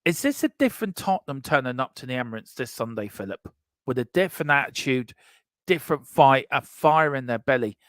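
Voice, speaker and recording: Animated, jokey man. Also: medium pitch, fairly quick, dry recording, clean studio sound. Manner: animated, jokey, repeats himself. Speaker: co-host of a fan channel show. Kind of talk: casual fan chat, reading comments.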